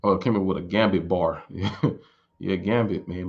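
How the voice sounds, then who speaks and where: A man in his thirties in casual chat, answering viewer questions in a relaxed, rambling way and repeating words as he thinks. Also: low-pitched, normal speed, creaky. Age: 30s. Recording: dull lo-fi recording.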